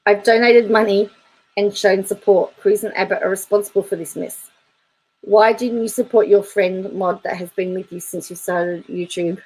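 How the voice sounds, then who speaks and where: A woman's voice: medium pitch, fairly even intonation, moderate pace, darkish tone, rough recording. A woman YouTube commentator reading viewer comments aloud in a chatty, wry way, laughing between them.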